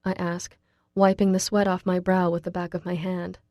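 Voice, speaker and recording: A woman narrating a novel in first person, reading in a quiet, measured way. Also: fairly low pitch, little pitch movement, dry recording, clean studio sound. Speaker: audiobook narrator.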